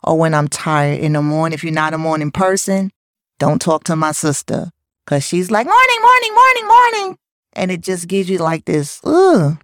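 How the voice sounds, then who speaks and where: A woman co-hosting a relationship talk show, chatting casually about communication, laughing often and acting out lively quotes. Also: low-pitched, normal speed, no echo, clean studio sound. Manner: lively, laughs often, animated quoting of others. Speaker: podcast co-host.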